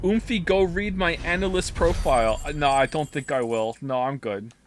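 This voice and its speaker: A man's voice: a little high, moderate pace, slight background noise. A man streaming a video game while reading chat, rambling, swearing and reacting with incredulous outbursts.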